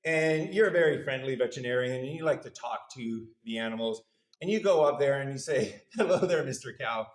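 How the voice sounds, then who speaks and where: A man's voice: mid-range voice, a little fast. A male university lecturer giving a conversational, good-humored lecture, putting questions to the audience in a lecture hall.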